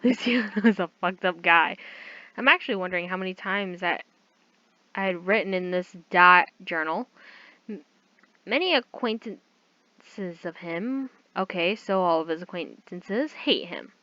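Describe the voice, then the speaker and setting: Bright-voiced woman reading a story aloud. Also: on the low side, no room sound. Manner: halting reading with self-corrections and asides. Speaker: story reader. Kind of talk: casual read-aloud of a fan story. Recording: dull lo-fi recording.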